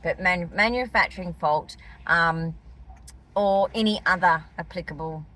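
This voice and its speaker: A woman's voice: on the low side, measured pace, bright, forceful tone. An older woman with an Australian accent, chatting emphatically and animatedly as a vlogger. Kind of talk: casual chat.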